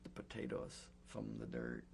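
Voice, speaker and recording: An older man recounting his memories in an oral history interview, speaking in a halting way with many pauses and fillers. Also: a bass voice, very animated, gravelly, darkish tone, slight background noise. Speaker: Holocaust survivor giving testimony.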